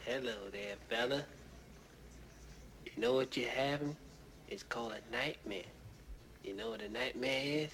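An actor playing a stern, sarcastic Marine major with a blunt, mocking drawl, in a film clip. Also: male voice, medium pitch, measured pace, pauses often, a bit bright, natural voice. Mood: mock-gentle menace.

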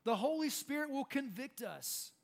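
Young male pastor, light high voice, lively sermon delivery with acted-out lines. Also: normal speed, gravelly. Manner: animated, acts out shouted quotes.

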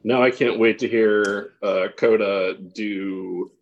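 A man at a tabletop game talks things through in a measured, thoughtful way. His voice comes through muffled and lo-fi. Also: fairly low pitch, fairly even intonation. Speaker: player. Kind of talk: casual tabletop play. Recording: dull lo-fi sound.

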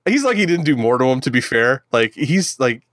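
A man's voice: mid-range voice, very animated, brisk, a bit bright, no room sound, studio quality. A man co-hosting a casual movie review podcast, rambling, sarcastic and profane. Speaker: podcast co-host.

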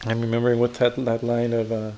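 A man, a swami, teaching on a devotional hymn, with many restarts and frequent "right?" checks, reciting Sanskrit lines slowly. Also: mid-range voice, monotone, warm tone, slight background noise. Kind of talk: spiritual discourse on a hymn.

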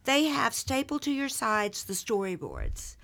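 A woman with a Southern accent, a guest actress telling lively, self-deprecating stories in a casual interview. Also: on the high side, measured pace, gravelly. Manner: animated, self-deprecating anecdotes.

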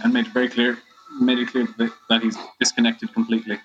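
Halting man in casual chat. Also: medium pitch, little pitch movement, dull audio, faint music behind. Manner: halting, with many restarts and fillers. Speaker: guest.

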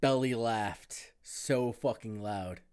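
A man's voice: fairly low pitch, slow pace, a little mellow, clean tone. A man in casual chat, teasing and laid-back, as co-host. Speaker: podcast co-host.

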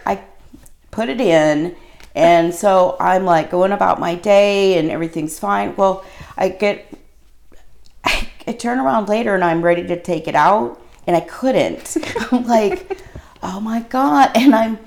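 A woman's voice: mid-range voice, takes it slowly, creaky, darkish tone. A middle-aged woman telling an embarrassing story in casual chat, rambling and laughing as she goes.

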